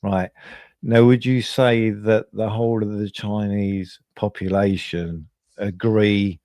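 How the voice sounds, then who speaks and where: A man's voice: lowish voice, level tone, takes it slowly, mellow, no room sound. A British man on a debate panel, hesitant at first, then pressing with probing questions. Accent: British English. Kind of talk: casual live debate.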